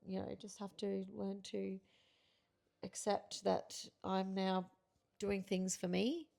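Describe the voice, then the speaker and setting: A woman's voice: medium pitch, little pitch movement, slow pace, creaky, mellow. A middle-aged woman co-hosting a casual couples podcast, talking frankly and reflectively with many fillers. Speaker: podcast co-host.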